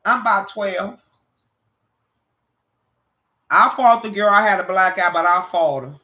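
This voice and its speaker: A woman hosting a livestream, chatting casually with viewers and telling animated, profane stories. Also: medium pitch. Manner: addresses viewers by name. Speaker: livestream host.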